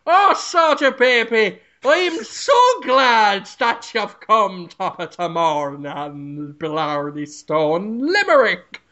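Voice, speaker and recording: A man voicing an excitable police chief with a broad put-on Irish accent, climbing shrilly in pitch. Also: takes it slowly, few pauses, dull audio, full character voice. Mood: excited.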